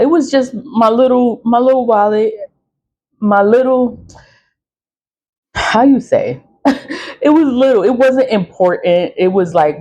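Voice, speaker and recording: A woman's voice: medium pitch, darkish tone, muffled recording. A woman talking in a casual rambling monologue, swearing freely, repeating herself and laughing often. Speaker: spiritual product vlogger.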